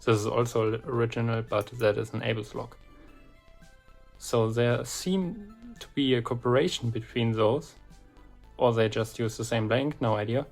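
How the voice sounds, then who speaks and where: Slow, deliberate man explaining a lock. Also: medium pitch, gravelly. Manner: slow and deliberate, pauses often between phrases. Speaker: lock picking hobbyist presenting a lock. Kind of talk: relaxed instructional walkthrough.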